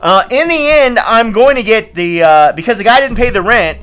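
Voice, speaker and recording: A man with a high, bright voice tells stories in a rambling, chatty way full of fillers and restarts. Faint music plays behind him. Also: lively intonation, normal speed. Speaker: landlord and channel host. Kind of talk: casual storytelling vlog.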